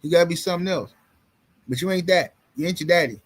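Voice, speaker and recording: High-voiced man ranting about boxing. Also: quick pace. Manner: animated, trash-talking, mocking. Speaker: boxing commentary streamer. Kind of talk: casual live-stream rant.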